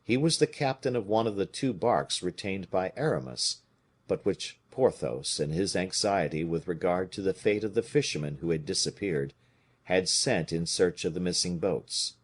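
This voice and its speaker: A man reading a classic novel aloud as an audiobook narrator, in a lively, expressive way. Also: sits low, moderate pace, slightly rough. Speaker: audiobook reader.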